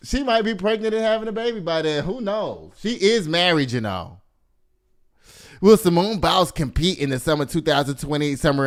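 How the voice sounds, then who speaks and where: A man hosting a casual gossip news show, sassy and animated, laughing often and calling his listeners y'all. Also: sits high, clean tone. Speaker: host.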